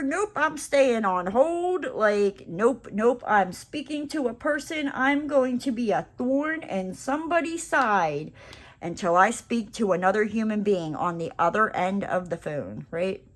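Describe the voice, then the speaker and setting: Woman vlogger, slightly high voice, chatty and rambling as she tells a story while crafting. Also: a little slow. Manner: rambling and animated, heavy "like" and "you know" fillers.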